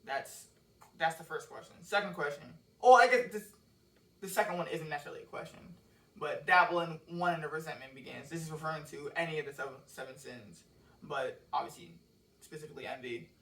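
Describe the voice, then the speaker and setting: A man's voice: a little high, fairly quick, fairly bright tone. A man casually explaining his own song lyrics, rambling and cursing freely, recorded at home on a cheap microphone. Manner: loose, rambling, curses freely. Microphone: cheap microphone with laptop and phone. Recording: roomy echo, mic set far off.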